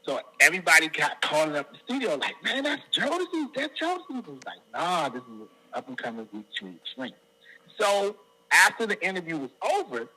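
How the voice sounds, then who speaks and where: Bright, lively middle-aged man telling stories. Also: a little high, breathy edge, low-quality recording. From Washington DC area. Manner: animated storyteller who acts out other people's quotes. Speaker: guest singer. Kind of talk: storytelling interview.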